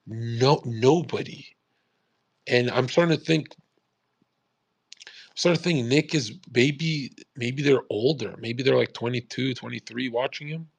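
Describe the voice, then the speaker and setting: Man, streamer, casual profane monologue, dry close sound, middle pitch. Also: slightly rough, no room sound. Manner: profane, animated, calls listeners "bro". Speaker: streamer on a live audio space.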